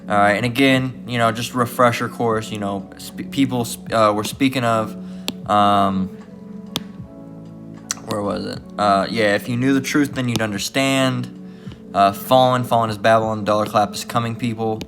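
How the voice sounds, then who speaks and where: A man's voice: lowish voice, steady tone, moderate pace, over music. A man giving rambling religious commentary, full of repeated fillers and restarts.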